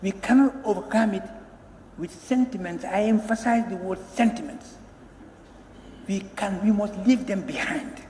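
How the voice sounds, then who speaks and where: A man speaks in a strikingly high voice, emphatic and pleading as he addresses parliament. He stumbles and repeats words before pressing his point. The room rings with a long, roomy reverb and faint ambience behind him. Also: normal speed, darkish tone, a little hiss or hum. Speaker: member of parliament. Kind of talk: parliamentary speech. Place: parliament chamber. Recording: echoey chamber with long reverb.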